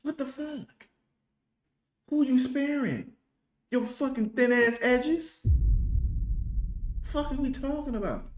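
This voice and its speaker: A man's voice: very high voice, expressive, slow, pauses often, roomy sound. A man hosting a reaction video, giving blunt, profane, mocking commentary. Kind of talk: heated commentary.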